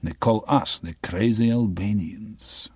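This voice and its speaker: A grave, solemn Albanian man, voiced by a male audiobook narrator, telling things slowly and evenly. The voice sits slightly above a deep narrating tone. Dry, close recording. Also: a little mellow, husky, dry recording.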